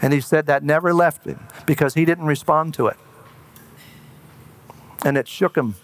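A man's voice: on the high side, fairly even intonation. Earnest man preaching a sermon. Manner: earnest storytelling, halting with fillers in personal stories. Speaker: pastor.

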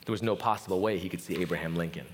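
A man preaching a sermon at a family camp, telling a story with passion that swings from hushed to soaring. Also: low voice, very fast, big-room sound, slight background noise. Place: speaking at a family camp gathering.

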